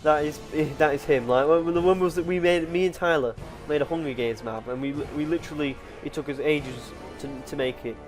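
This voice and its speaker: A man's voice: fairly high pitch, fairly quick, few pauses, soft background music. A young man co-hosting a casual gaming chat, rambling through stories with lots of restarts and "like". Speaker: co-host.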